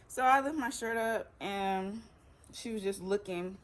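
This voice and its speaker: A teenage girl vlogger casually tells her own story, animatedly acting out what people said. She speaks a little slowly in a medium-pitched voice.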